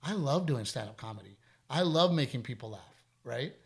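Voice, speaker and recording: With a mid-range, creaky voice, this middle-aged man sounds animated at a moderate pace as he hosts a podcast. He's candid and casual, telling stories and repeating himself to drive points home.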